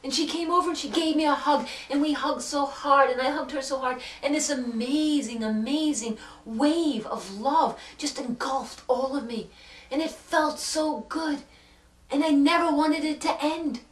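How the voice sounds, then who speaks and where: A woman telling an emotional personal story in an earnest way, pausing for effect and moving between hushed and loud moments. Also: high voice, recorded from a distance. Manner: earnest, with dramatic pauses and swings from hushed to loud. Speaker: self-help speaker. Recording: echoey room, speaker set back from the mic.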